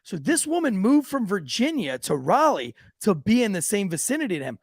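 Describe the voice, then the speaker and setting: A man with a high, gravelly voice tells a story from patrol in a profane, lively way, slipping into the voices of the people in it. The studio sound is dry and close, with no room heard around him. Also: a little fast, no echo. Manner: profane, animated, acts out quoted voices. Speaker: police officer and podcast host. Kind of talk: casual storytelling. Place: podcast studio.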